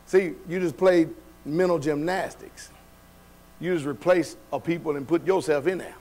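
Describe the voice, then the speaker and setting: A man's voice: on the high side, normal speed, darkish tone. A man preaching a sermon in a church hall, colloquial and loose, firing questions at the congregation and laughing between points. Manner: call-and-response preaching, asks the congregation questions.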